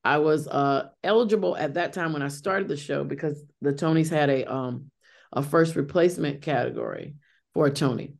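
A woman's voice: low-pitched, moderate pace, gravelly. A middle-aged woman, a Broadway actress being interviewed, talking in a chatty way with many restarts and fillers. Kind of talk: interview conversation.

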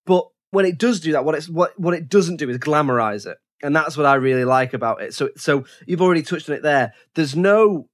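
A man's voice: on the high side, a little fast, hardly any pauses. A man co-hosting a casual film podcast, thinking aloud with frequent restarts and fillers. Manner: thoughtful, many restarts and fillers.

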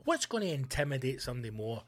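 A man with a Scottish accent hosting a comedy podcast, ranting loudly and swearing a lot. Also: mid-range voice, fast talker, faint music behind. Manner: loud, sweary, animated ranting.

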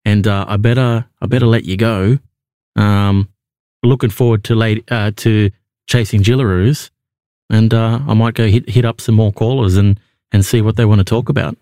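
A man's voice: lowish voice, steady tone, normal speed, mellow, no room sound, studio quality. Laid-back Australian man hosting calls. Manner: laid-back, matey, restarts phrases. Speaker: podcast host. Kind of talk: casual call-in chat.

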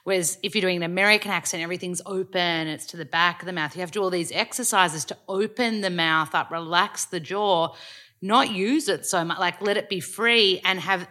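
Bright-voiced Australian woman, chatty host. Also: on the low side. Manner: chatty, animated storytelling. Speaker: podcast host. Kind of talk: casual interview chat.

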